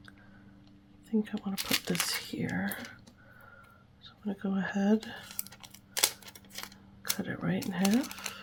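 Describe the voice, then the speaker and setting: A woman host of a journaling channel, whispering softly to herself as she crafts and talks about it. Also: medium pitch, background noise. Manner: whispers while working with her hands, talks to herself. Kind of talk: soft whispered crafting chatter.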